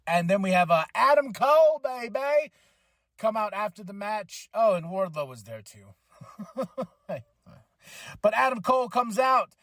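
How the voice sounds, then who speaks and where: Excitable man recapping wrestling. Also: high-pitched, measured pace, long pauses, no room sound, studio quality. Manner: enthusiastic, animated, shouts in excitement. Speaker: podcast host.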